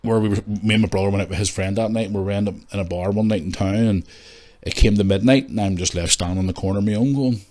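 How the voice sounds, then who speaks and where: Man, podcast host, lowish voice, rambling, sweary, candid chat. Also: fast talker, darkish tone. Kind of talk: casual solo podcast chat.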